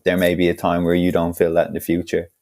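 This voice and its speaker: Tentative low-voiced male co-host. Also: completely flat delivery, fast, darkish tone. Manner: tentative, thoughtful. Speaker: podcast co-host. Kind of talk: casual interview chat.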